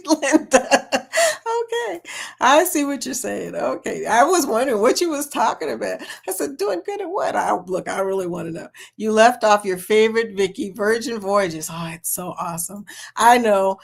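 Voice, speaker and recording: The speaker is a middle-aged woman running an informal livestream. She talks animatedly while reading the chat, laughing often and calling viewers "girl" and "y'all." Her mid-range voice is gravelly, at a normal speed.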